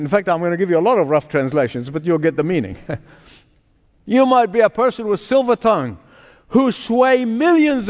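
High-voiced emphatic preacher in a reverberant hall. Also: male voice. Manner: emphatic preaching with repetition and calls to the congregation. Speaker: pastor. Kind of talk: sermon. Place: church sanctuary.

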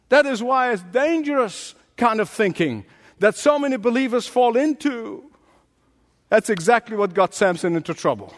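A pastor delivers an emphatic sermon, stacking repeated phrases and building to points. His voice sits high for a man and leaps wildly up and down in pitch. The sound rings with the long reverb of a large sanctuary. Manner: emphatic preaching with dramatic pitch swings and repetition.

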